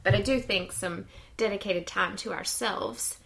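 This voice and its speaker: A woman's voice: medium pitch, unhurried, creaky, a bit bright. A woman, co-hosting a podcast in casual chat, talking freely with fillers and easy laughter. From United States. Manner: chatty, laughs easily, many fillers. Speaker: podcast co-host. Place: lives in Sweden.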